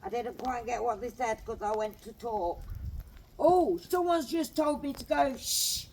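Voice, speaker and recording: A woman works as a medium on a ghost hunt, slowly telling the others which spirit voices come through to her. Her voice sits high, and she speaks at an unhurried, drawn-out pace. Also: warm tone, husky, poor audio. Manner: slow, reports what she hears.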